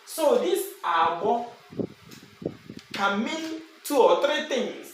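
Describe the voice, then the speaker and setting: A man whose first language is Igbo, teaching a language lesson and slowly repeating example words. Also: extremely high pitch, big pitch swings. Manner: slow and repetitive, drawing out example words. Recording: very echoey room with faint background noise.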